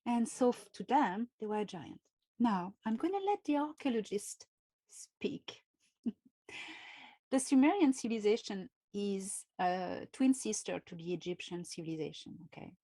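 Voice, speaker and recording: A woman with a French accent, a native French speaker answering interview questions in English, speaking slowly and carefully with frequent hesitations. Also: medium pitch, animated, warm tone, no echo. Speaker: guest.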